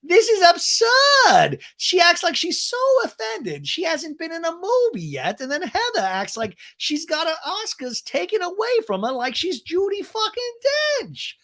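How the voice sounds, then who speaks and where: A man voicing an outraged woman who shouts in a high, strained voice. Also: wildly swooping pitch, measured pace, few pauses, heavily acted. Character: shrill outraged woman mocking a rival.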